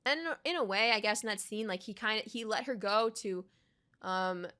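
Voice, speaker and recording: A woman's voice: mid-range voice, moderate pace, sharp tone, clear, resonant tone. A woman vlogger ranting emphatically in reaction-video commentary, swearing freely.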